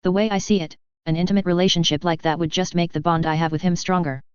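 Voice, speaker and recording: A woman voicing a calm, sly young female samurai in a story reading, smooth and low, on dull lo-fi audio. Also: fast talker, no echo, lightly acted. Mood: teasing.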